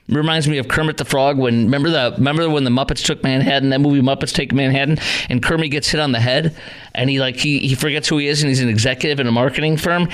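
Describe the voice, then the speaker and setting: A man's voice: mid-range voice, quick pace, a bit bright. A middle-aged man hosting a call-in talk radio show, sarcastic and exasperated, scoffing at what he reads out.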